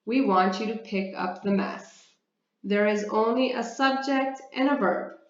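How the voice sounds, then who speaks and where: Slow, careful woman teaching grammar. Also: fairly high pitch. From Canada. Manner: deliberate, explains step by step, often asks and answers her own questions. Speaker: English teacher. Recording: roomy, slightly dull sound.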